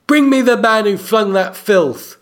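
A man's voice: sits high, a little slow, pitched above the performer's own voice. A man voicing a spoiled, cruel teenage boy king who screams petulant commands while reading a novel aloud. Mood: furious commanding.

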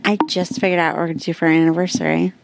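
A woman's voice: lowish voice, little pitch movement, very fast, no echo, studio quality, faint music behind. A woman co-hosting a casual podcast, telling stories with many fillers. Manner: rambling storyteller, heavy filler "like". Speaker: podcast co-host. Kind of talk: casual chat.

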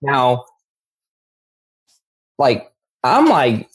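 Husky-voiced man telling a raw story. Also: medium pitch, normal speed. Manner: emphatic, says "bro" often, many restarts. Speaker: guest sharing his recovery story. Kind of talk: candid personal storytelling.

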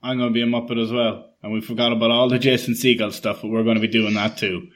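A man's voice: mid-range voice, level tone, fast talker. Man joking dryly on a podcast. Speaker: podcast co-host. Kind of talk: casual chat.

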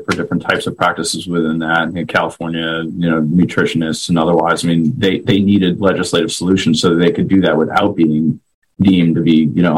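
Male lawyer guest, deep husky voice, flat and measured, pausing often. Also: low-quality recording. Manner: halting, many fillers and restarts, measured. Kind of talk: interview answers.

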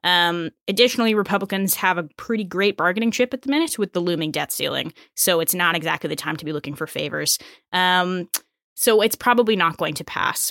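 A woman with a bright, forceful tone breaks down business news for a podcast. She talks quickly and casually, with plenty of fillers, and her voice sits close and dry on the mic. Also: lowish voice, no echo. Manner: quick, explanatory, filler-heavy. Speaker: co-host analyst.

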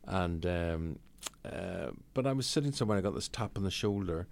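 Brief: Northern Irish broadcaster in his 60s, raconteur, deep and gravelly. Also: normal speed. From Northern Ireland. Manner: lively raconteur, blunt, swears freely. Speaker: guest, broadcaster. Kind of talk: anecdotal storytelling in conversation.

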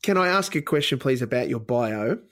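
Podcast host poking fun at the guest, playful, jumps in quick. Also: medium pitch, expressive, a bit bright. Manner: playful, teasing, quick reactions. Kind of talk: casual interview.

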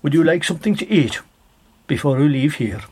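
A man with an Irish accent voicing an insistent male stranger who keeps pressing food on his guest, in a gravelly husky voice. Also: fairly high pitch, expressive, a little fast, a little mellow, slight background noise, close to an everyday voice. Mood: coaxing. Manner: firm, repeats orders.

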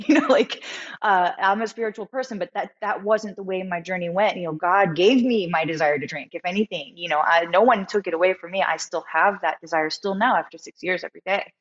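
A woman guest musician telling a personal story in a candid interview, animated and full of fillers. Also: on the low side, fairly quick, highs cut off.

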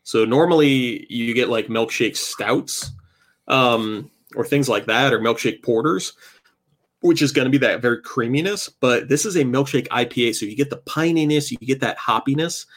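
During a late-night podcast stream, a co-host laughs and rambles about beer while sampling beer and food in relaxed, casual chat. He speaks at medium pitch and a moderate pace.

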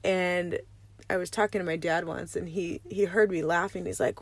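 Raspy-voiced woman rambling in a van. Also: lowish voice, normal speed, dry recording. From Arizona, USA. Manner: rambling, chatty, laughs often. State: just woken up. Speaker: podcast host. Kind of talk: casual solo podcast monologue. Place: inside a parked van.

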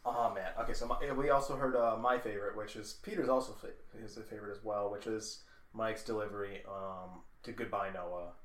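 A man co-hosting a podcast, telling stories in a casual, animated way. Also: on the low side, brisk. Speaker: podcast co-host. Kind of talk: casual chat. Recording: roomy echo.

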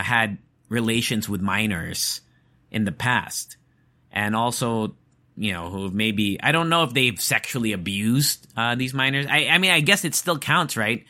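A man with a bright, clear voice chats casually to his listeners. He rambles and restarts his sentences often, sounding animated and incredulous. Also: medium pitch. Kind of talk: casual monologue.

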